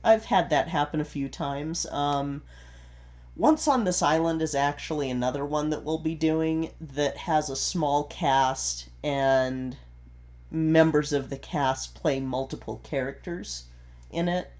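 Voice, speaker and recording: A man's voice: a little high, slow pace, a little mellow. A man co-hosting a casual podcast, explaining theatre with an easygoing, chatty manner and frequent ums and restarts. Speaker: podcast co-host, theatre performer. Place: home recording setup in Utah.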